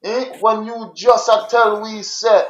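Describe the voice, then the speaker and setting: Indignant high-voiced man. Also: fairly even intonation, normal speed, roomy sound, dull audio. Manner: indignant, questioning. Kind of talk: heated argument.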